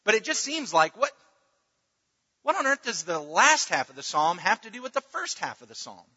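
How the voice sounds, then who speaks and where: A man preaching with a high, very bright voice, earnest and halting as he repeats his words. His voice rings with a long reverb, and the sound is dull and lo-fi. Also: sing-song, husky. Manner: earnest, restarts words, dips to near-murmur at times. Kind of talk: sermon.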